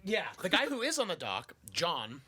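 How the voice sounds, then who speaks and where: A man with a very bright, ringing voice spins a wild tale in casual podcast chat. He swings his pitch all over the place and drops into gruff or squeaky put-on voices when he quotes people. He swears freely and keeps laughing through the story. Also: wildly swooping pitch, normal speed. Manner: acts out quotes in shifting voices. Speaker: podcast host.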